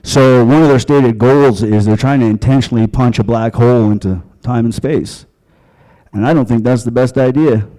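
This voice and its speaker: Club comic, dark mellow voice, deadpan and crude, chatting to the room. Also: male voice, medium pitch, moderate pace, rough recording. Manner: crude, deadpan, conversational delivery with profanity. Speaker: stand-up comedian. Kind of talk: stand-up comedy set. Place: comedy club stage.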